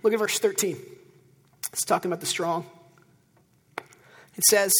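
Male pastor, high husky voice, conversational sermon, long hall reverb. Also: normal speed, long pauses. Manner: animated, conversational preaching with asides. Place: church auditorium.

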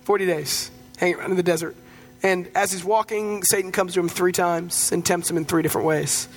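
A man with a notably high voice preaches a sermon as pastor. He talks in a relaxed, conversational way, weaving in stories and light humor. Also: a little fast, faint music behind.

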